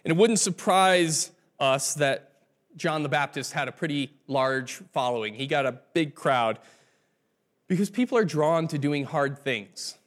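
Male pastor, slightly higher voice, telling stories as he preaches to his congregation. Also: expressive, unhurried. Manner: conversational storytelling preaching. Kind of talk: sermon.

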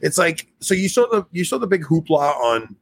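A man's voice: a little high, big pitch swings, normal speed, breathy edge. A man hosting a podcast in casual chat, rambling and laughing at himself. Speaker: podcast host.

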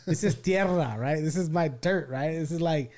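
A man's voice: fairly high pitch, moderate pace, darkish tone. Slangy profane podcast host, man. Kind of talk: casual podcast chat.

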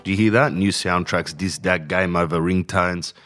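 A man's voice: low voice, fairly even intonation, normal speed. A man ranting bluntly in slangy casual talk, often saying "bro", as a podcast host. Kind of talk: casual rant.

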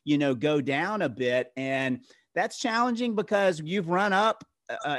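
A man co-hosting a podcast, speaking in a measured way and summing up his partner's points. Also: fairly high pitch, dry recording, clean studio sound. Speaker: podcast co-host. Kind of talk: casual podcast conversation.

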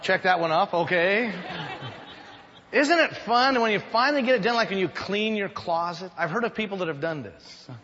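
A man's voice: a little high, a bit bright, in a large hall, lo-fi sound. A man preaching a sermon as pastor, conversational, with jokes and rhetorical questions. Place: church sanctuary.

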